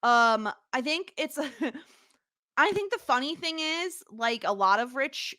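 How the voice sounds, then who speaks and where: Woman co-host, chatty and rambling, voice sits a bit high, dry close recording. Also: animated, slow pace, pushed and bright, no echo. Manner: chatty, many fillers, laughs easily. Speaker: podcast co-host. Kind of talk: casual chat.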